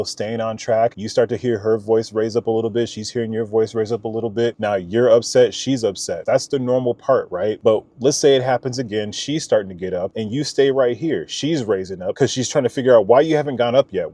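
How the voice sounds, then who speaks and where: A man's voice: lowish voice, mellow. A man giving marriage advice straight to the camera, in a casual, emphatic way with rhetorical questions, calling the listener brother. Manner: conversational, addresses viewer as brother. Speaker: marriage coach. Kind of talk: direct-to-camera advice talk.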